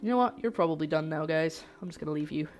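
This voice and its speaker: This young cooking streamer has a low voice and talks quickly while soft music plays. She chats with viewers from her home kitchen, welcoming them warmly and making jokey asides during a casual livestream.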